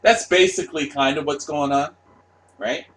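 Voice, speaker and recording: A middle-aged man hosting his own channel, delivering a profane, mocking rant with shouted outbursts. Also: fairly high pitch, steady tone, moderate pace. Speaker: commentary channel host. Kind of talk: ranting monologue.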